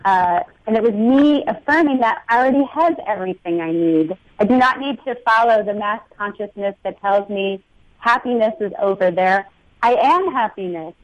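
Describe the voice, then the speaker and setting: A woman's voice: mid-range voice, animated, moderate pace, no echo, lo-fi sound. A woman guest on a talk show speaks earnestly and in an uplifting tone about spirituality, with some fillers.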